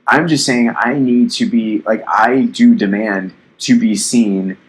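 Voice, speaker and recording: The audio quality is low, capturing a man whose voice is on the low side and who speaks at a measured pace. He's in his twenties and hosts a casual podcast, and he still sounds youthful. His talk is blunt and rambling, packed with swearing and filler words.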